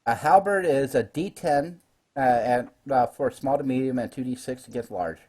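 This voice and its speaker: Mellow, husky-voiced man running a game. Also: medium pitch, moderate pace. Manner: chatty, explains rules with fillers and laughs. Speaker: dungeon master. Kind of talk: running a live online tabletop game.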